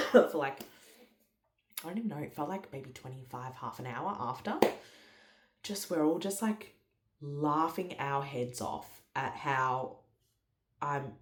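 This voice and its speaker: A woman's voice: low voice, a little mellow, roomy sound. A woman, telling a story in a chatty, casual way with lots of fillers. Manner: chatty, many fillers and quoted dialogue. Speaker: vlogger.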